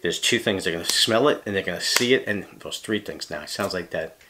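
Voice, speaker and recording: A man's voice: deep voice, fairly quick, background noise. A man giving a casual, blunt fishing how-to, tagging "all right?" onto nearly every point. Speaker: fishing guide.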